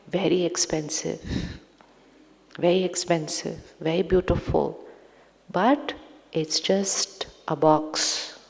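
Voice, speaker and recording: A woman with an Indian accent giving a slow meditation lecture as a spiritual teacher, repeating her lines and asking the audience questions. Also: on the low side, creaky, a little mellow. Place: large lecture hall. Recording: long hall reverb.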